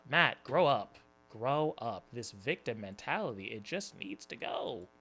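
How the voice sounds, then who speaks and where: Animated, mocking man reacting to a clip. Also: medium pitch, normal speed. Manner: mocking, exasperated, profane. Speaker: reaction video host. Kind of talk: casual commentary.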